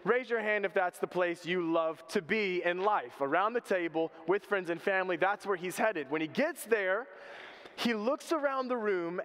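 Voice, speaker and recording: High-voiced preacher. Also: male voice, normal speed. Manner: animated storytelling with humor. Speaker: pastor. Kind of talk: sermon. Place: church sanctuary. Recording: reverberant church hall.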